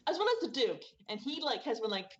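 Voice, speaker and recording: A woman's voice: on the high side, lively intonation, fast talker, dull audio, slight background noise. A woman narrating a tabletop game as game master, casual and rambling with many fillers.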